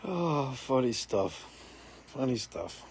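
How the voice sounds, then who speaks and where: A man's voice: medium pitch, big pitch swings, takes it slowly, a little hiss or hum. A middle-aged man hosting a casual live chat from a porch, reading viewer comments and laughing often in an amused, talkative way. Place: porch, outdoors.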